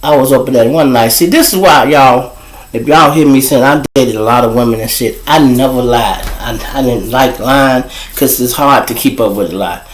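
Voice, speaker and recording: A man telling casual, profane street stories as host, animated and swearing freely. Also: moderate pace, roomy sound, rough recording. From Chicago. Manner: animated, profane, jumps to high voices for quoted people. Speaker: storyteller host.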